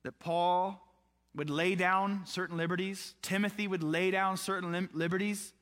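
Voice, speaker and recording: A man's voice: sits high, fairly even intonation, normal speed, fairly bright tone. A man preaching a conversational sermon, asking his listeners questions and acting out short exchanges between people in the story. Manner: acts out voices of people in the story. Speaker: pastor.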